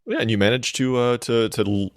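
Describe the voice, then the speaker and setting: A man's voice: medium pitch, steady tone, brisk, clean tone, no room sound. A man co-hosting a money radio show, teasing his partner with dry sarcasm. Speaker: radio co-host. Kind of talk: casual banter.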